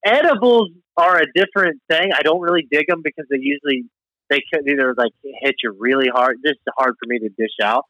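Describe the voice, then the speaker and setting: A man's voice: fairly high pitch, brisk, pushed and bright, no room sound, low-quality recording. A man guesting on a podcast, chatting casually with dry, offhand humor. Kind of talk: casual chat.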